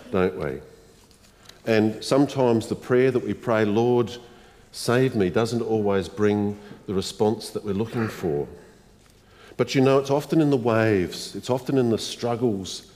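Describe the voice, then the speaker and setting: A man preaching a sermon as the pastor of a church congregation, in a slow, reflective way, often asking the listeners questions. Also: on the low side, a little mellow. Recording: long reverb of a church hall.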